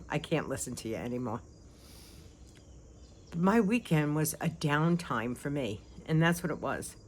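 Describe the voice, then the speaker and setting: An older woman, a grandmother, chatting casually and lively to her vlog viewers, laughing often, on a phone held at arm's length. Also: rumbling low, a little hiss or hum. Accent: non-local accent. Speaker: vlogger.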